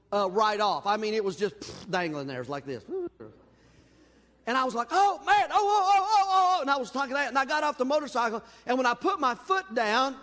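A man preaching a sermon in a church, telling a folksy personal story in an animated, self-deprecating way. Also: very high voice. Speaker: pastor. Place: church sanctuary. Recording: long hall reverb.

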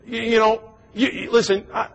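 A man's voice: very high-pitched, flat delivery, moderate pace, vocal fry, fairly bright tone, dull audio. A man in his forties preaching a sermon in a church, folksy and joking, with frequent stammered repeats. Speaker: pastor. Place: church sanctuary.

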